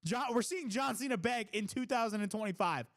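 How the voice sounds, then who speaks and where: Excitable high-voiced man reacting live. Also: fairly quick. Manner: excitable, blurts exclamations and shouts at big moments; casual, swears freely. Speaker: live stream host. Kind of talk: live wrestling reaction stream.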